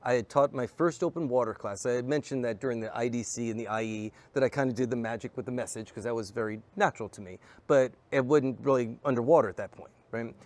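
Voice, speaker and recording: A fast-talking man spins stories in a loose, animated way, checking in with "right?" and "you know" as he goes. He sits at a middling pitch for a man and keeps an easy, conversational rhythm. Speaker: scuba instructor and magician, guest. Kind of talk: casual storytelling chat.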